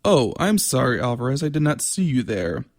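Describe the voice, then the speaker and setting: A man's voice: mid-range voice, sing-song, moderate pace, no room sound, studio quality. A man reading as a haughty aristocratic count. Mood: mocking. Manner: casual yet mocking. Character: haughty aristocratic male count, tall and ominous.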